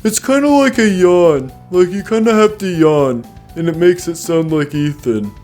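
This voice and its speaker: A man voicing a slow-witted, good-hearted young cartoon character in a high, drowsy, yawning voice. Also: expressive, darkish tone, soft background music. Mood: dopey.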